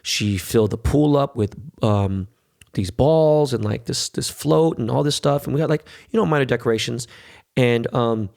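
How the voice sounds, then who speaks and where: A man's voice: mid-range voice, moderate pace, creaky, darkish tone. A man, hosting a podcast and telling a loose, profane, talkative story in casual monologue. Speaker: podcast host.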